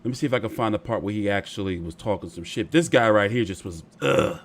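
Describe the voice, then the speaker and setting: A man commentating on boxing clips in a casual, exasperated, animated way, swearing freely. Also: lowish voice, quick pace.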